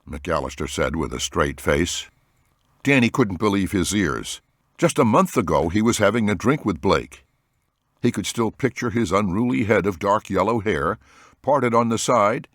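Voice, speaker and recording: Low-voiced male audiobook narrator. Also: lively intonation, normal speed, fairly bright tone, no echo, studio quality.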